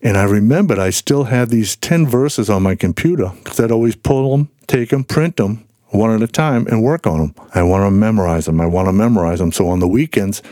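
Talking at a normal speed with hardly any pauses, a medium-pitched man tells personal stories as a guest on a faith podcast. He animatedly acts out the voices he quotes in casual conversation, and the recording is dry, clean studio sound.

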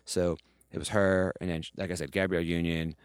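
A man telling a story as a podcast guest, animated and profane, mimicking the voices of the people he quotes. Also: low-pitched, brisk, smooth, dry recording, studio quality. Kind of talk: casual storytelling.

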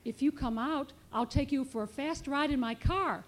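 A woman's voice: sits high, normal speed, lightly acted. A woman voicing a cheerful, coaxing grandfather in a children's storybook. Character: cheerful grandfather offering car rides.

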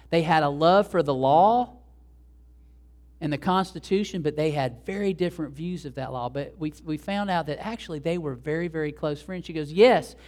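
A man preaching a sermon as pastor, animated and acting out the dialogue he quotes. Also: a little high.

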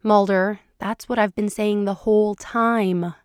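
A woman's voice: mid-range voice, steady tone, measured pace, clean tone, no echo, clean studio sound, lightly acted. A woman voicing Scully, insistent skeptic. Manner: softly insistent, breathless at times.

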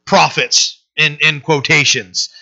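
Bright-voiced man preaching a casual sermon. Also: on the high side, fairly even intonation, takes it slowly. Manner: restarts often, tags lines with "right?". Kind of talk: conversational sermon. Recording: dull lo-fi recording.

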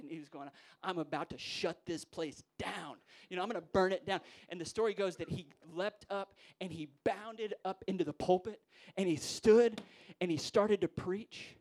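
A male preacher with a somewhat high voice gives a sermon in a church. He swings between hushed, soft-spoken stretches and loud, stirring declarations. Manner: builds from hushed to rousing, voices quoted figures.

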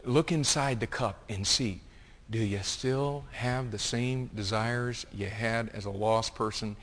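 Pastor preaching, goes quiet then loud real fast, big echoey church hall. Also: male voice, fairly low pitch, steady tone. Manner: impassioned preaching, swinging from hushed to loud. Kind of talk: sermon. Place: church sanctuary. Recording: long reverb of a large hall.

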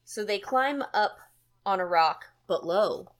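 A woman hosting a podcast in casual chat, animated and chatty with plenty of fillers. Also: medium pitch, slow. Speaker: podcast host.

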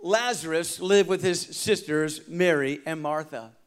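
A man preaching a sermon as pastor, swinging from loud emphasis to hushed tones and calling on the congregation to respond. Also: a little high, unhurried, clean tone.

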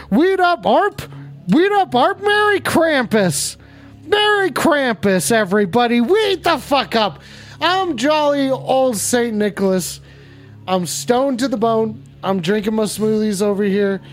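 Man doing a profane, rambling, high-voiced Santa hosting a comedy stream, faint music underneath. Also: heavily acted. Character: crude stoned foul-mouthed male Santa Claus. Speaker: host. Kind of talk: comedic improv livestream.

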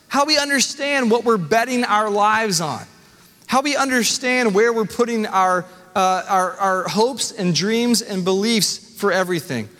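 A pastor with a high voice preaches earnestly, leaning on deliberate pauses. His words ring out with a long hall reverb, as in a church sanctuary. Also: a bit bright. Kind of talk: sermon.

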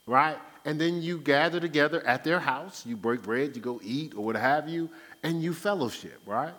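A man giving conversational Bible teaching, animated and acting out everyday talk. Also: a little high, moderate pace, in a large hall. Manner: animated, acts out everyday speech. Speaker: Christian teacher. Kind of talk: conversational preaching.

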